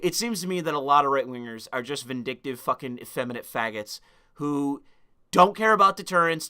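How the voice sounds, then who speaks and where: A man's voice: a little high, pushed and bright, clear, resonant tone. A young man hosting a livestream, talking in a profane, heated rant with stammering restarts. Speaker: livestream host. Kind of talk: ranting livestream monologue.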